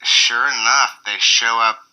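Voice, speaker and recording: A young man in an interview, excitably telling a party story, swearing freely and acting out his own reactions. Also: medium pitch, takes it slowly, clean tone, low-quality recording. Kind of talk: casual anecdote interview.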